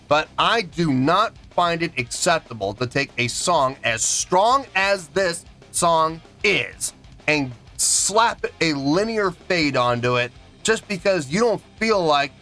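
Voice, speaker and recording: Guy ranting hard about a song, high voice bouncing all over, counts beats out loud. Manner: emphatic and indignant, counts out beats aloud. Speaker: music reaction reviewer. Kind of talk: animated rant reviewing a song.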